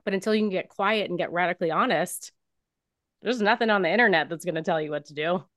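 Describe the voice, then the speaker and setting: A woman's voice: fairly low pitch, fast talker, a bit bright, no echo, clean studio sound. A woman guest on a podcast, speaking in an earnest, reflective way about her experiences. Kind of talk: casual conversational interview.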